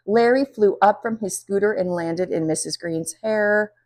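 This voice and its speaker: A woman reading a children's story aloud in an expressive, animated way. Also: medium pitch, unhurried, few pauses. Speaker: children's book reader. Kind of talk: storybook read-aloud narration.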